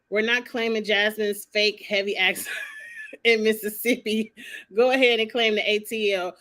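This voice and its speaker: In a mid-range, pushed and bright voice with fairly even intonation, a woman talks slowly with long pauses. She's a vlogger bluntly ranting about a reality show, sassy, opinionated and swearing freely.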